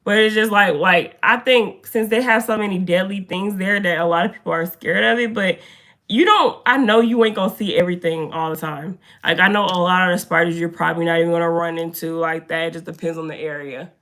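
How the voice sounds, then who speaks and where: A young woman chatting casually on a live stream in a room indoors, talking to her viewers by name in an animated way. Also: on the low side, brisk. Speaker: livestreamer.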